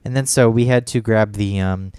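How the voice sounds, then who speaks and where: A man's voice: fairly low pitch, steady tone, moderate pace, a little mellow, clean tone, dry recording, studio quality. A man telling a story in casual chat as a podcast co-host, rambling and profane, full of fillers and restarts.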